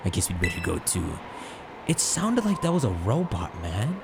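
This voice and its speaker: A man's voice: deep voice, wildly swooping pitch, normal speed, gravelly, background noise. A young man giving loose, joking let's-play commentary over game music. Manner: loose, joking, swears mildly. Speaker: gaming YouTuber.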